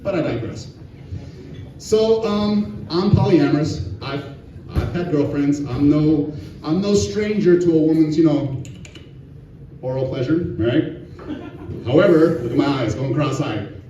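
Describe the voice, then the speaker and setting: A brash, crude male comedian on stage, his fairly high voice chuckling at his own punchlines. He is heard from a distance in a very echoey venue, the sound muffled, with faint room noise around him. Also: a little slow, pauses often, warm tone. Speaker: stand-up comedian. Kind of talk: stand-up set. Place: distillery venue with live audience. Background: audience laughter.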